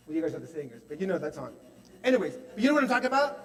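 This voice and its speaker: A man giving a testimonial sermon at a spiritual center, telling his story animatedly with many fillers and dropping to a hush for quoted voices. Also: sits high, lively intonation, very fast. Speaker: speaker at a spiritual center service. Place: large hall at a spiritual center. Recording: long hall reverb.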